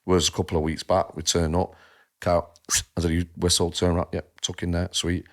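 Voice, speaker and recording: A man's voice: low-pitched, a little fast. A man telling stories in casual podcast chat, swearing freely and acting out what people said. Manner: animated storyteller, swears freely, acts out dialogue. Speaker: podcast co-host.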